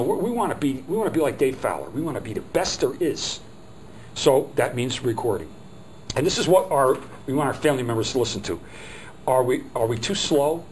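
This middle-aged man, a phone skills trainer, rambles chattily through workshop teaching and acts out quotes. His voice sits mid-range, and the low-quality recording carries a light hum.

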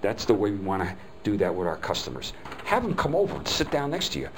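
A man's voice: lowish voice, wildly swooping pitch, quick pace, slight background noise, poor audio. Older man, folksy seminar storyteller. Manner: folksy storytelling, acts out quoted dialogue. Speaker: customer service trainer. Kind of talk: live seminar talk. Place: hotel meeting room.

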